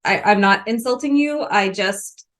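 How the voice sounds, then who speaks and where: Woman from the Ozarks, podcast co-host, loose rambling book chat, mid-pitched. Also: a little slow. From Missouri Ozarks. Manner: chatty, rambling, with fillers and laughs.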